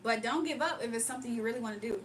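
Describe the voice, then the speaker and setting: A woman's voice: fairly high pitch, racing, distant mic, background noise. A woman from Virginia hosting a late-night livestream, chatting casually, reading comments aloud, and laughing often. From Virginia, United States. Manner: laid-back slangy talk, laughs often. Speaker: livestream host.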